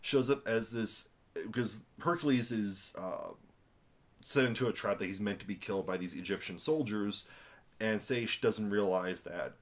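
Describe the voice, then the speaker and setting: A young man talks through a film review in a loose, rambling way, stumbling over restarts and ums. His voice sits a little low, and he grows lively when he retells scenes. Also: moderate pace. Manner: rambling, animated, with many fillers and restarts. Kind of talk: casual spoken film review.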